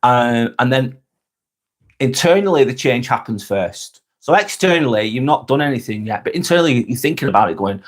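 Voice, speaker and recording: Middle-aged English man, mid-pitched, chatty live-stream host who rambles and swears casually. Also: expressive, brisk. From England. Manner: swears freely, rambling and repetitive.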